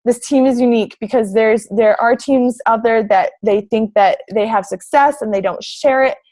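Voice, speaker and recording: A woman's voice: a little high, moderate pace, darkish tone. A young woman coaching fitness, giving a bubbly, gushing presentation over slides, full of "like" and "oh my gosh".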